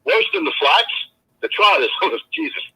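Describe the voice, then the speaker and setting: A man's voice: fairly high pitch, wildly swooping pitch, normal speed, bright, forceful tone, husky, poor audio. A man co-hosting a casual live chat stream, telling stories in a tough-guy mobster manner. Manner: tough-guy mob banter, storytelling.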